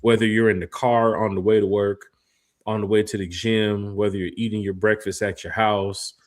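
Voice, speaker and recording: A man co-hosting a casual live fan podcast, reading out viewer shout-outs with energy. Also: lowish voice, flat delivery, moderate pace. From lived in Memphis. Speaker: podcast co-host. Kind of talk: casual live-stream chat.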